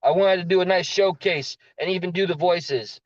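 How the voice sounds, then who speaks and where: A slightly hoarse man telling a story in a rambling rant, with frequent restarts and fillers. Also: high voice, normal speed, no echo, dull audio. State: slightly hoarse, losing his voice. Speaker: vlogger recounting a story.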